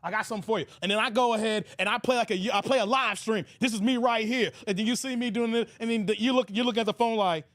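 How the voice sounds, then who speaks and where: A man hosting a casual online reaction show, joking and animated, shouting out viewers. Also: very high-pitched, fast talker, few pauses, no room sound, studio quality. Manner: animated, joking, laughs often. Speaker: YouTube commentary host.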